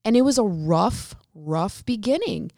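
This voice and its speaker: A woman's voice: mid-range voice, unhurried, vocal fry, dry recording, studio quality. A woman from Connecticut, a hairstylist and salon owner, telling stories as an interview guest and acting out the dialogue. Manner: lively storyteller who acts out quoted dialogue. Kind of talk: casual storytelling interview.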